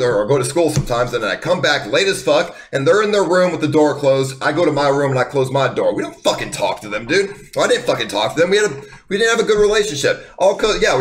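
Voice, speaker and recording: A man's voice: a little high, a bit bright. A young man streaming live, ranting to his viewers in a heated, defensive way, swearing a lot and rambling with many restarts. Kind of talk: unscripted rant to viewers.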